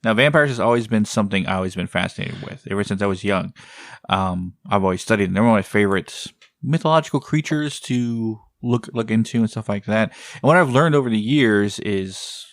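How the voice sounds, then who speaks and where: Low gravelly man rambling casually. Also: a little fast, no room sound, clean studio sound. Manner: rambling, tangential. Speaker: podcast co-host. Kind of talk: casual chat.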